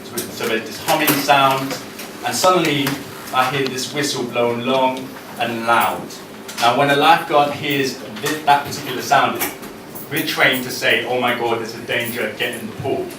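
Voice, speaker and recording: A man's voice: mid-range voice, steady tone, normal speed. A man from Britain, a poet, chatting with a live audience and performing his poems with a rhythmic delivery. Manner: chatty and self-deprecating, then rhythmic declaiming. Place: live event venue. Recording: echoey room, distant mic, noisy.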